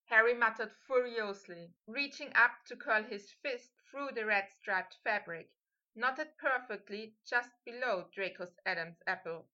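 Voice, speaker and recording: A woman narrating a fan fiction audiobook with steady, intimate storytelling, on a slightly muffled recording. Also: on the high side, unhurried. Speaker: audiobook reader.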